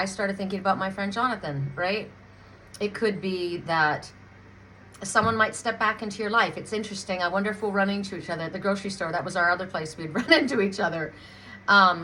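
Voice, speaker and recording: Bright-voiced chatty woman tarot reader. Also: medium pitch, a little hiss or hum, poor audio. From Canada. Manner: emotional, chatty, frequent restarts and laughs. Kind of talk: casual spiritual reading.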